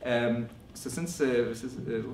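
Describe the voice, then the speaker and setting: A man giving a scholarly conference lecture in a measured way, often restarting his phrases. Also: mid-range voice, a little mellow, slight background noise. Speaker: academic lecturer. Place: lecture room. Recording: roomy echo from a distant mic.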